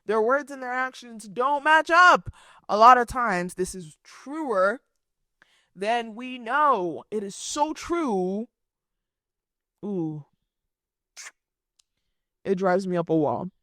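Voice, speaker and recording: A young woman hosting a podcast, telling a story in a sassy, animated way with playful asides. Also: fairly high pitch, slow pace, long pauses, dry recording, clean studio sound. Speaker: podcast host.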